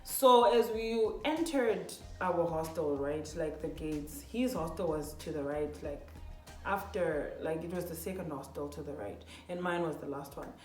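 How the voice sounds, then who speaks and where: A young woman vlogger telling a personal story to her viewers, animated and casual, full of "literally" and "like", talking to them as "guys". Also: deep voice, a little slow, roomy sound, soft background music.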